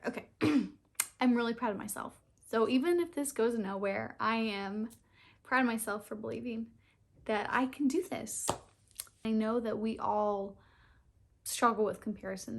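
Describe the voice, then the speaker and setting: On the high side and touched with vocal fry, a young woman's voice carries a sincere, open vlog as she starts her channel, laughing frequently and at moments close to tears.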